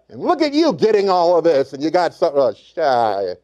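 A man hosting a comedy podcast, talking in a goofy, self-mocking way with sudden shouted bursts. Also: on the high side, wildly swooping pitch, fairly quick, few pauses, lo-fi sound. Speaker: podcast host. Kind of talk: comedic monologue and chat.

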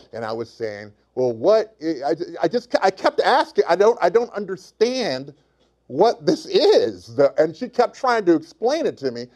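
Man, podcast host, comedic monologue, self-mocking, lively pitch. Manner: goofy, self-mocking, shouts in bursts.

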